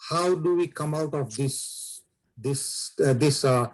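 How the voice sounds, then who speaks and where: A man from the audience asking a question at a temple, halting and searching for his words. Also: on the high side, poor audio.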